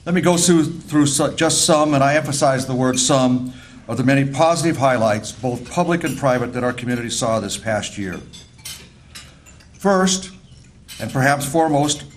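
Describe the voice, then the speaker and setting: Older guy, mayor at a podium, slow deliberate speech, a bit of room hiss. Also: mid-range voice. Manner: measured, deliberate speechmaking with emphatic repeats. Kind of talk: formal public address. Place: luncheon banquet hall.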